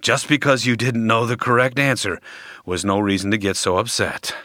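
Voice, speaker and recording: Storybook lion, male, arrogant and demanding, roars his lines in a bright, forceful voice, as a preacher puts him on. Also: fairly low pitch, steady tone, normal speed, dry recording, clean studio sound. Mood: dazed. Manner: roaring, demanding.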